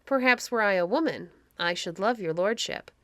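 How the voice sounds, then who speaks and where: A woman reading aloud, voicing a gentle, meek young woman disguised as a page, speaking softly and wistfully. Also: medium pitch, moderate pace, dry recording, close to an everyday voice.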